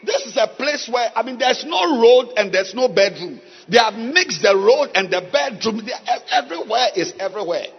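A man preaching a sermon, with long pauses and sudden shouts. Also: very high voice, expressive, slightly rough, soft background music. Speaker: pastor. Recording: dull sound with long hall reverb.

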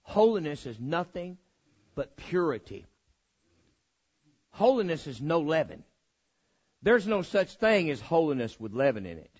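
A man's voice: fairly high pitch, big pitch swings, unhurried, pauses often, darkish tone, husky, muffled recording. A male preacher giving a folksy, humorous sermon in a church, repeating phrases for emphasis. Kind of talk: sermon with storytelling.

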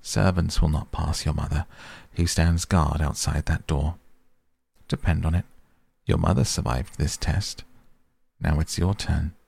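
Brief: imperious old woman tester, read by a man, gravelly and very deep, cold and clipped, slow and measured. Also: steady tone, darkish tone, dry recording, heavily acted. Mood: commanding. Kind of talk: audiobook character reading.

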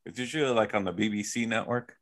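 A man co-hosting a casual podcast, animated and laughing, with "dude" in every other sentence. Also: lowish voice, fast talker. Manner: animated, says "dude" a lot, laughs often. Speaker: podcast co-host. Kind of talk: casual chat.

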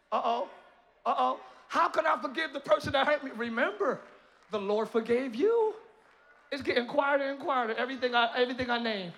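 High, bright-voiced preaching pastor. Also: male voice. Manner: preaching with rising shouts and playful asides. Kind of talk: sermon. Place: church sanctuary.

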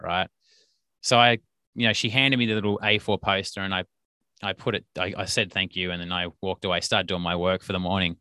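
A man's voice: low-pitched, sharp tone, smooth, no room sound. Chatty man telling a story. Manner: rambling, many fillers and restarts. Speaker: podcast host and business coach. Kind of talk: casual storytelling monologue.

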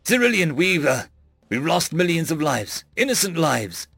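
A man's voice: fairly high pitch, very animated, normal speed, creaky, a bit bright, breathy edge, no echo, clean studio sound, voice pushed up, heavily acted. A man voicing a stern human woman general who speaks in firm, clipped commands. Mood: pleading.

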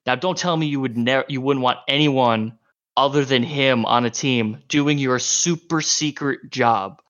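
A man playing a slick salesman giving a showy pitch for his crew. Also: measured pace, a bit bright, natural voice. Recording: slightly muffled lo-fi audio.

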